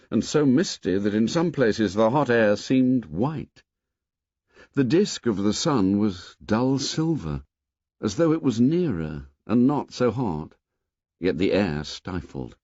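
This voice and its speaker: A low-voiced man narrates a novel in a measured, expressive read, his pitch rising and falling a great deal. The audio is dry and a little dull, with no room sound. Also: dry recording. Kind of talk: scripted narration.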